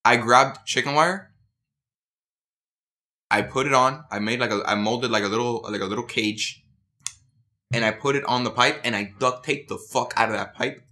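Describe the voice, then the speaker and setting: A young man with a bright, mid-pitched voice tells stories in a casual podcast chat. He speaks earnestly and grows excitable at the high points. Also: normal speed, pauses often. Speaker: podcast co-host.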